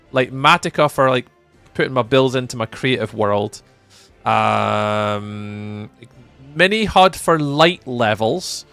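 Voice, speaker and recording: With a slightly bright voice and no room sound, a young man from Scotland reads and responds to viewer messages during a casual live stream. He's chatty, his pitch leaping up when he greets people, and faint music plays in the background.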